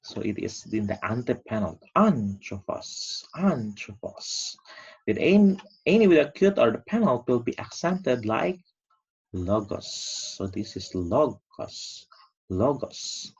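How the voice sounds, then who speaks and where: A man's voice: mid-range voice, sing-song, fairly quick, creaky, few pauses, darkish tone, husky. A man teaching an online lesson, stretching out key words for emphasis. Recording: dull lo-fi recording.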